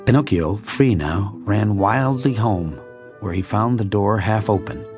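A man narrating a classic children's story in a measured, expressive way. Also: on the low side, over music. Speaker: audiobook narrator.

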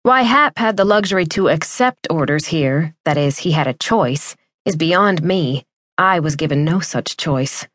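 A woman reads a first-person audiobook in a wry, measured manner. Her voice sits fairly low, and the recording is dry and close with no room sound. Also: expressive, fairly bright tone, no room sound. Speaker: audiobook narrator.

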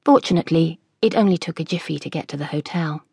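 Audiobook narrator, woman, husky, measured, dry studio sound. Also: sits low, darkish tone, no echo. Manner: measured, storytelling.

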